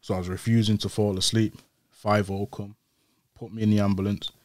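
A man's voice: fairly low pitch, a little fast, dry recording, studio quality. A young man, an interview guest telling his story casually, acting out the voices of the people in it. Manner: animated, acts out quoted voices.

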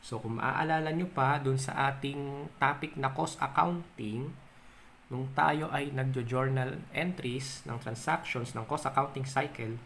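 A Filipino-accented young man walks through an accounting lesson, reading each definition before unpacking it with everyday examples. His voice sits at a middle pitch, and he breaks up his explanations with the odd "um." A faint room ambience runs underneath. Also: creaky, a bit bright, slight background noise. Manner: explains in mixed Tagalog and English, reading definitions then giving examples; stretches out key terms, pausing with "um". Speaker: accounting tutor. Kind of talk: recorded video lesson.

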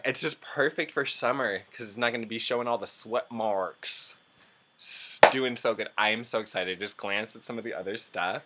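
Gushing, excitable young man unboxing. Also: mid-range voice, moderate pace. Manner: gushing and excitable, squealing and gasping often; chatty and direct to viewers. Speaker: channel host. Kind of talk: unboxing vlog.

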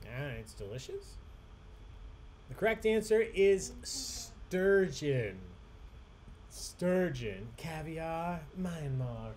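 A man's voice: on the high side, animated, slow pace, a little mellow, slight background noise. A man hosting a live online trivia game, chatty and upbeat, reading each question twice with emphasis. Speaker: trivia host.

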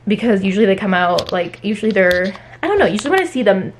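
A woman chatting casually at home in a haul vlog, talking fast with many fillers. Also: mid-range voice, very animated, a little hiss or hum. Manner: chatty, fillers every few words. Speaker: book vlogger.

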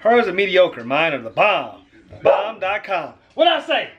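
A man's voice: high-pitched, big pitch swings, unhurried, lo-fi sound. A man talking casually to the camera in a home kitchen, slangy and chatty, calling his viewers fam. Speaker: prank vlogger, husband. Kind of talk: casual vlog talk to camera. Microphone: camera set on top of refrigerator.

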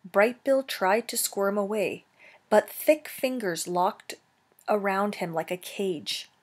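A woman teacher reading a children's novel aloud, slow and careful, correcting herself now and then. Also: mid-range voice.

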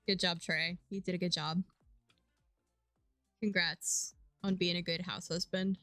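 A young woman streaming a life-sim game, chatting casually and getting excited and squealy at times. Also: on the low side, unhurried, no room sound, clean studio sound, faint music behind. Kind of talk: casual gameplay commentary.

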